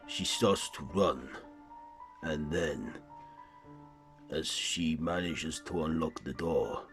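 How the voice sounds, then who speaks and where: Deep-voiced horror host, slow measured narration, soft music underneath. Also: male voice. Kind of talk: retelling a horror film plot.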